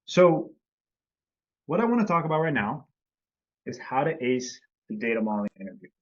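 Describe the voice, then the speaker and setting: An easygoing man hosts a live-stream lesson over a video call. His voice sits at a medium pitch and he greets people by name. The call audio sounds slightly dull and lo-fi. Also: big pitch swings, moderate pace. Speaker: host and company CEO. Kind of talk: casual live-stream teaching.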